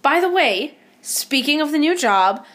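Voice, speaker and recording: A woman's voice: high-pitched, animated, measured pace, a bit bright. An actress playing a flustered young female wardrobe assistant who stumbles over her words. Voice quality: flustered, apologetic.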